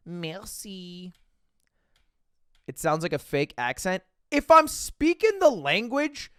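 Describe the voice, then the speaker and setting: A young man hosting a livestream, chatting casually with viewers, animated, jokey and swearing freely. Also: sits high, no echo, studio quality. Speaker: livestream host.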